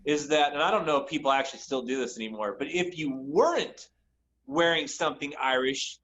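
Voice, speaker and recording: A man co-hosting a casual podcast from home, telling animated, exasperated stories while yard work goes on outside. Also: on the high side, a little fast, lo-fi sound, a little hiss or hum. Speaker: podcast co-host. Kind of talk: casual chat. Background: lawn mowing and sprinkler work.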